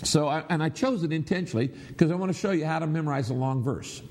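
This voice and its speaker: A husky, slightly high-pitched middle-aged man preaching to a congregation. He speaks as an instructive pastor, repeating key phrases with emphasis and leading the audience in reciting together. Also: quick pace, a little mellow. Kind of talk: sermon teaching to a congregation.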